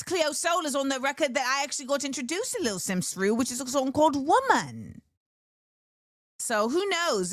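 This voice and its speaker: A chatty, animated woman hosts her talk show with a slightly high voice. She is recorded dry and close, with no room sound at all. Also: no echo. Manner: animated, chatty, laughs often. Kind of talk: casual solo talk show chat.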